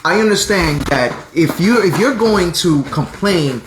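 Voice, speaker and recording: A man hosting a casual live-stream chat, animated and quick to talk over his co-host. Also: sits high, echoey room, background noise. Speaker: podcast host.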